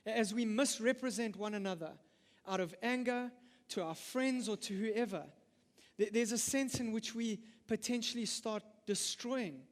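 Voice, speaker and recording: A middle-aged man preaching a sermon, emphatic, with frequent stammered restarts. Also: sits high. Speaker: pastor. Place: church hall. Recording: long reverb of a church hall.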